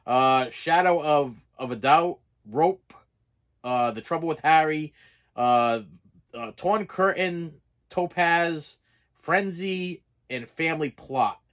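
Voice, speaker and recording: A man's voice: on the high side, takes it slowly, fairly bright tone. A man with a Boston accent, rambling casually through an unboxing vlog and often stumbling over his words. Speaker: collector showing his purchases.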